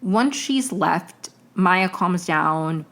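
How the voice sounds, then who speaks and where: A woman's voice: on the low side, lively intonation, extremely slow, a bit bright. A young woman hosting a podcast, recapping a TV episode in a rambling, chatty way full of tangents and self-corrections. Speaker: podcast host.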